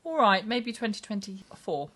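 A woman's voice: medium pitch, sing-song, moderate pace, music in the background. A middle-aged woman co-hosting a casual chat, dry and teasing, telling stories with acted-out quotes. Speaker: podcast co-host.

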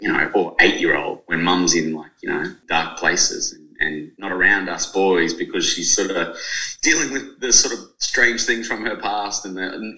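Rambling emotional man, very low voice. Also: sharp tone, roomy sound, rough recording. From Australia. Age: 40s. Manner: rambling, emotional, lots of fillers and restarts. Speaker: author and journalist. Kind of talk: podcast interview.

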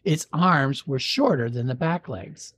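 A man with a slightly husky voice reads a local legend aloud, unhurried and measured, sometimes dropping a dry joke. The sound is close and dry, with no room around it. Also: mid-range voice, animated, fairly bright tone, no echo. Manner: measured storytelling, dry jokes. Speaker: podcast host. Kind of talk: reading a legend aloud with banter.

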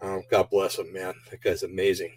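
Male show host, low voice, a little winded, rambling off-the-cuff talk with lots of ums, dry close sound. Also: flat delivery, moderate pace, a little mellow, breathy edge, no room sound, poor audio. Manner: rambling, many fillers and restarts. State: slightly out of breath. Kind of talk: casual rambling monologue.

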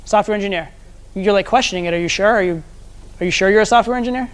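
A man's voice: high voice, very fast. Man lecturing a seminar, conversational. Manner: conversational teaching, checks in with the audience. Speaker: dating and social skills coach.

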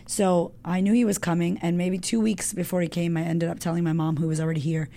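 A woman's voice: fairly low pitch, flat delivery, quick pace, mellow, a little hiss or hum. A young American woman telling a personal story candidly as a guest, swearing freely and filling her talk with "like". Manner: frank, swears freely, lots of "like". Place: home in Australia.

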